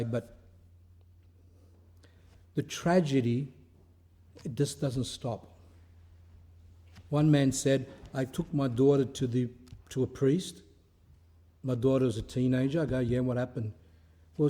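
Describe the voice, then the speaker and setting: An Orthodox priest with a warm, mid-range voice gives an informal spiritual talk, telling stories conversationally. He poses rhetorical questions and often repeats certain phrases.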